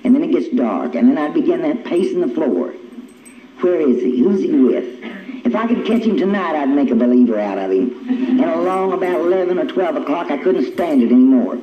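Older woman with a lively storytelling voice. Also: low-pitched, moderate pace. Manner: animated, acts out remembered arguments. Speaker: speaker sharing her recovery story. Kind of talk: personal storytelling talk. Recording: echoey, dull, noisy old tape.

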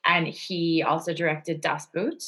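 Woman podcast cohost, bright lowish voice, rambly and giggly. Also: level tone, unhurried, rough recording. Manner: chatty, laughs often, rambling asides. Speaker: podcast co-host. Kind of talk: casual chat.

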